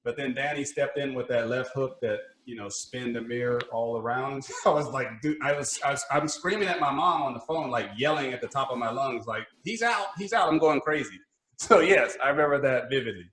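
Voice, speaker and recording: A man's voice: medium pitch, brisk, a little hiss or hum. A male podcast host who tells stories with energy and laughs easily as he talks. His voice carries a roomy echo. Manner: lively storyteller, laughs easily. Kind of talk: casual podcast chat.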